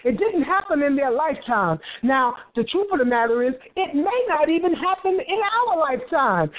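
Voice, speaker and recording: A woman with a high, sweeping voice preaches with passion, bursting into hallelujahs and circling back over her words. Her voice comes through thin and boxy, like a phone line. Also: expressive, moderate pace, hardly any pauses. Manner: impassioned, bursts into hallelujahs, repeats phrases. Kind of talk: fervent preaching.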